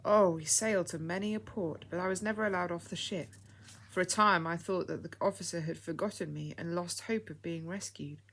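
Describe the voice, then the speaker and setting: Gentle old lady, fond and soft, as a woman reads her. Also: lowish voice, steady tone, brisk. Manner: soft, fond, calls people dear.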